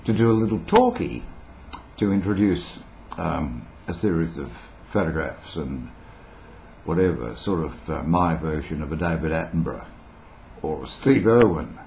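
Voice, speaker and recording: A man's voice: very deep voice, animated, normal speed, creaky, a little mellow, muffled recording, slight background noise. An older Australian man with an Australian accent, rambling playfully and eccentrically to his webcam at home. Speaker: vlogger. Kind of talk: casual talk to webcam.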